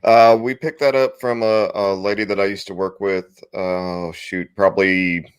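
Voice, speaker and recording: Very deep-voiced easygoing man. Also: fairly even intonation, moderate pace, clean tone, no echo. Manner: easygoing, laughs softly, plain explanations. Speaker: guest. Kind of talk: casual chat on a livestream.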